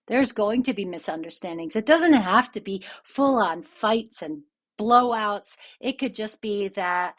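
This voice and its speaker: Candid woman host telling a personal story. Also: mid-range voice. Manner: candid, reflective, self-critical. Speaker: podcast host and relationship coach.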